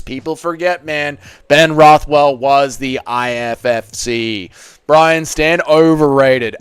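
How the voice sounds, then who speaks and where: A man's voice: fairly high pitch, clean tone, dry recording. An Australian man hosting a casual livestream, reading viewer comments aloud and bantering bluntly with plenty of swearing. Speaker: livestream host.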